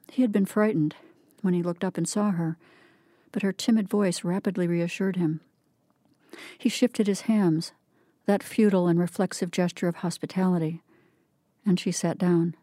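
A woman reads a literary short story aloud in a measured, even narration. Her voice is low and mellow. The recording is close and dry, with no room sound. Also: dry recording. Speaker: reader. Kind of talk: literary reading.

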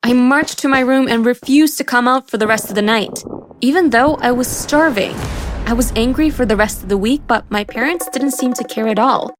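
Woman narrating a story, slightly high voice. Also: moderate pace, over music. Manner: earnest, expressive. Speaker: podcast storyteller. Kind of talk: first-person story narration.

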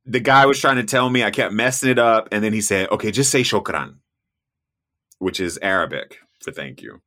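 A man as a podcast guest in casual interview chat, telling animated travel stories and laughing often. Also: on the low side, fairly quick. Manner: animated storyteller, laughs often, mimics voices in quotes.

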